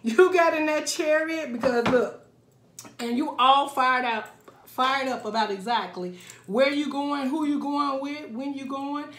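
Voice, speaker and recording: Tarot reader, woman, fairly high voice, lively and laughing, echoey room. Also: measured pace, slight background noise. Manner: animated, laughs often, acts out quoted voices. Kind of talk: casual tarot reading.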